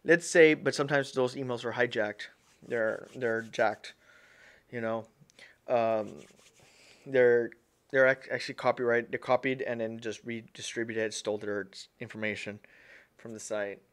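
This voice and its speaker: A man's voice: medium pitch, steady tone, a little slow. A man hosting a casual tech-tips livestream, rambling and repeating himself, often calling his viewers "guys". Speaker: livestream host.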